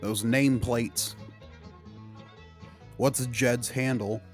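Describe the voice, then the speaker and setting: A man's voice: mid-range voice, extremely slow, faint music behind. A man casually commenting and joking with a friend while watching an old sitcom on stream. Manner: laughing, joking, excitable.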